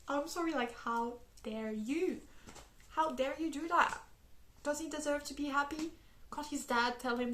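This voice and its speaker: A young woman whose first language is French chats through a casual book review vlog in a high, bright-sounding voice. She gushes and laughs often, swearing casually as she talks, and the room around her rings with noticeable echo. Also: slow, pauses often. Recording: echoey room.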